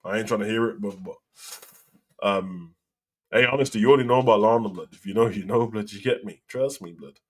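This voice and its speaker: A man's voice: lowish voice, brisk, breathy edge. A man hosting a live wrestling talk show, chatting in a slangy, opinionated way. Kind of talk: casual live reaction chat.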